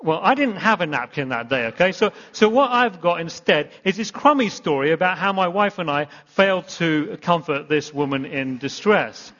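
A slightly high-voiced man preaches from the front of a church, telling a rambling, self-deprecating story full of false starts. His voice rings with a long reverb in a big hall, and the recording sounds somewhat dull and muffled. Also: lively intonation, normal speed, hardly any pauses, a bit bright. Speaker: pastor. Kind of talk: sermon.

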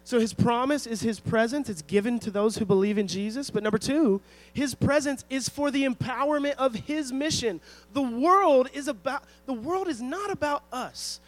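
A man's voice: very high-pitched, moderate pace, low-quality recording. A man preaching a sermon, emphatic and storytelling, who often asks the congregation rhetorical questions. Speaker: pastor.

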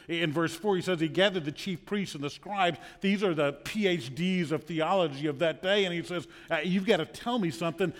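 A male pastor preaching in a church sanctuary, his voice sitting a little higher than most men's. He tells stories earnestly and doubles up words when he pushes a point, with a long hall reverb trailing each phrase. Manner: earnest, storytelling, repeats words when emphatic. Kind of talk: sermon.

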